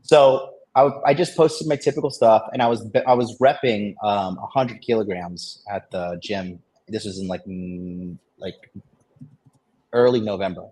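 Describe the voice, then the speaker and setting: A man's voice: lowish voice, a little slow, dark tone, husky. A man casually telling a story in a men's dating discussion, boastful and profane, rambling with plenty of fillers and restarts. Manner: boastful, swears freely.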